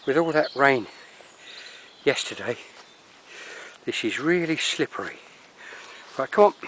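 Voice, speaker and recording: A man's voice: on the high side, fairly bright tone, slight background noise. An older man with a Cockney accent, wheezing and out of breath as he narrates a climb up a steep wooded hill. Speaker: vlogger. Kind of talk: walking vlog narration. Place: steep wooded hillside outdoors.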